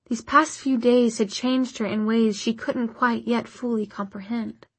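A woman narrating a novel in a measured, even storytelling manner. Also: fairly high pitch, slightly rough, no room sound. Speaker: audiobook narrator. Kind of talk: scripted narration.

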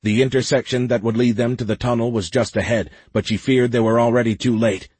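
A man narrating an audiobook in a steady, dramatic storytelling way with a husky voice. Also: mid-range voice, a little fast, no room sound. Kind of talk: scripted narration.

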